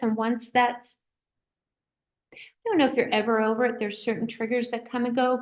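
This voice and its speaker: A middle-aged woman hosting a casual livestream as a psychic medium, rambling and affectionate as she reads out and answers viewer comments. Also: on the high side.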